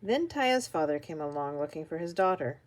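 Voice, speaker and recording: An older woman reading a children's picture book aloud with expressive, animated storytelling. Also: low voice, moderate pace. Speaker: storybook reader.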